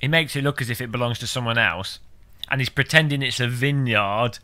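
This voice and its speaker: A British man chatting on a live game stream, wandering from topic to topic with dry, absurd humour. His voice sits at an ordinary pitch for a man, with a very bright, sharp edge to it. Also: brisk. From United Kingdom. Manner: rambling, deadpan absurd joking. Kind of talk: casual live-stream chat.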